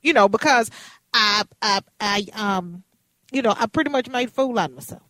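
Woman in her fifties, radio host, animated chatty storyteller, dry close sound. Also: fairly high pitch, normal speed, no echo. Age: 50s.

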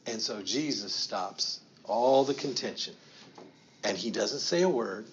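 Man preaching with slow emphatic storytelling. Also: fairly low pitch, dull audio, a little hiss or hum. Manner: animated storytelling with slow emphatic phrases and asides. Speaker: pastor. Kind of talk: sermon.

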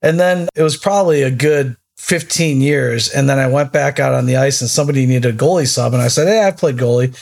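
Gravelly-voiced man in casual chat. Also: mid-range voice, brisk, hardly any pauses, darkish tone. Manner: rambling storyteller, many restarts.

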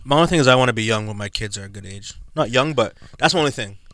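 A young man co-hosting a podcast, talking in quick, slangy, joking banter. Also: medium pitch, lively intonation, fairly bright tone, no echo. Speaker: podcast co-host. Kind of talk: casual chat.

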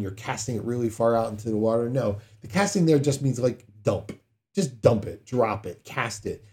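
A man's voice: medium pitch, dark tone. A man preaching a sermon in a conversational way, acting out prayers with sudden dramatic outbursts. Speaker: pastor.

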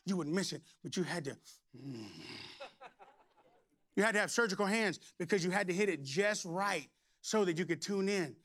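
A middle-aged man, preaching a lively, playful sermon with shouts and humor. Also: high voice, moderate pace. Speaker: pastor.

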